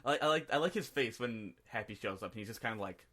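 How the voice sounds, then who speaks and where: Male podcast co-host, lowish voice, rambling casual recaps. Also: expressive, quick pace, a bit bright. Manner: rambling, acts out scenes in quoted voices. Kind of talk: casual movie review chat.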